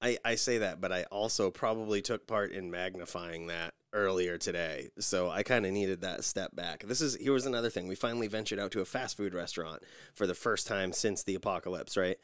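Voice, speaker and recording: A man co-hosting a casual podcast, telling stories with lively mimicry of other people's voices. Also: low-pitched, a little fast, hardly any pauses, clear, resonant tone, no room sound, clean studio sound. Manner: animated storyteller, mimics voices in anecdotes. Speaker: podcast co-host. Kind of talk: casual chat.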